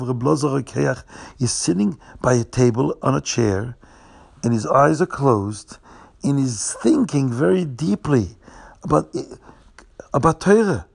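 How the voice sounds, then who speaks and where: Gravelly male storyteller for children. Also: medium pitch. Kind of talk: religious story told to children.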